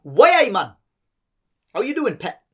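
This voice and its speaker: A man's voice: high-pitched, huge pitch swings, slow pace, breathy edge, voice pushed up, full character voice. A man putting on a chummy Geordie accent as a working man heading out for a night on the town, in a casual podcast. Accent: put-on Geordie. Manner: chummy, sing-song. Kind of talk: comic accent impression.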